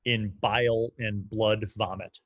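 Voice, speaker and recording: A man's voice: fairly low pitch, steady tone, measured pace, fairly bright tone, dry recording, muffled recording. A man narrating as game master in a casual, loose way, with lots of fillers.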